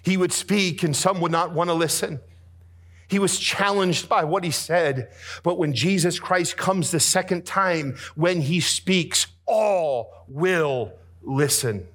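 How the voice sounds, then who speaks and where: A male preacher delivering a sermon in a fervent, theatrical style. He swings from quiet, intimate passages to booming emphasis. His voice sits somewhat high for a man. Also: unhurried, breathy edge. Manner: dramatic preaching that swings between soft and booming.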